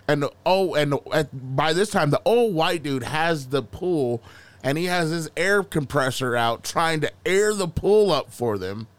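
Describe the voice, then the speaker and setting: A man's voice: a little high, lively intonation, unhurried, no echo. A man as a podcast guest, telling a story casually in loose slang with heavy swearing.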